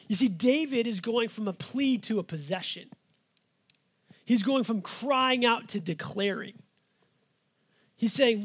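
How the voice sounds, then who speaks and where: A man, a pastor with five kids, preaching a sermon in a folksy, conversational way and slowing down to stress the scripture he reads. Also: very high-pitched, expressive, husky.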